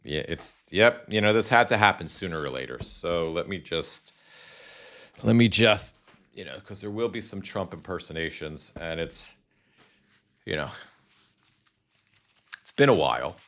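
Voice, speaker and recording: A man's voice: low voice, animated, measured pace, long pauses, a bit bright. A man hosting a live stream from home, rambling casually with self-deprecating asides and frequent restarts.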